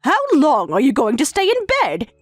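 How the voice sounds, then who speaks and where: A woman's voice: high voice, wildly swooping pitch, moderate pace, music in the background. A synthetic woman's voice reading a tired young wife who answers back firmly and pointedly. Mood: defiant. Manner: firm, pointed replies. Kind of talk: text-to-speech story reading.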